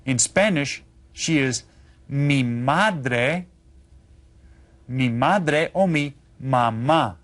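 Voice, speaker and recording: Male teacher for a kids' language lesson: unhurried, encouraging, spells out each word slowly. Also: medium pitch, lively intonation, fairly bright tone. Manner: upbeat, coaxing, repeats words slowly for pupils. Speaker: Spanish teacher. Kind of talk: scripted children's language lesson.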